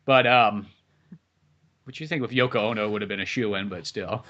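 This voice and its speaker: A man's voice: on the low side, moderate pace, muffled recording, a little hiss or hum. A man talking casually as a podcast host, swearing a lot and riffing with mocking asides. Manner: profane, animated, mocking impressions. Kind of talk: casual chat.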